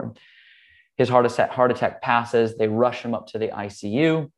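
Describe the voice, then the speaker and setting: A man with a somewhat low voice speaks in an easy, conversational way. He explains meditation earnestly and moves into a personal story. He talks freely and drops in casual fillers like "um" and "like". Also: fairly quick. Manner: earnest, relaxed, with "like" and "um".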